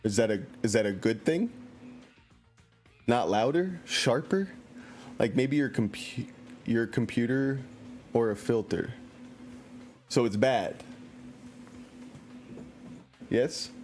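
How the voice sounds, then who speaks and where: A man's voice: mid-range voice, animated, takes it slowly, long pauses, darkish tone, soft background music. A man streaming a video game, chatting casually in a playful, joking and self-mocking way. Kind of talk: casual let's-play commentary.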